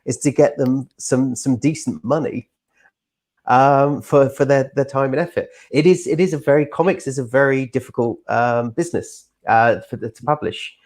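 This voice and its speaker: A man's voice: medium pitch, moderate pace, a little mellow. A middle-aged man, a publisher, speaking in a casual chat, rambling with many repeats and fillers. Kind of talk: casual video-call chat.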